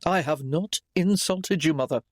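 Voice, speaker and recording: A man's voice: a little high, normal speed, dry recording, clean studio sound, close to an everyday voice. A man playing a firm young nobleman. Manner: firm, reasonable, steady. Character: young nobleman, protective husband and son. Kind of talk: audiobook character voice.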